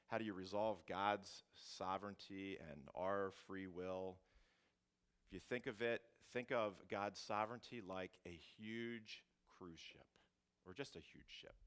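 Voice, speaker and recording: A male pastor preaching a sermon, swinging from loud emphasis to hushed asides, often restarting his phrases. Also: on the low side, normal speed, clean tone. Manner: animated, shifting from loud to hushed, frequent restarts.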